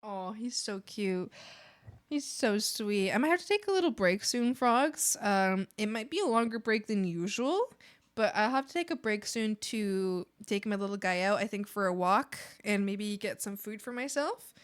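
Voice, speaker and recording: A woman's voice: mid-range voice, animated, normal speed. A young adult woman streamer chatting casually with her viewers, rambling with many fillers and frequent giggles. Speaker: art streamer.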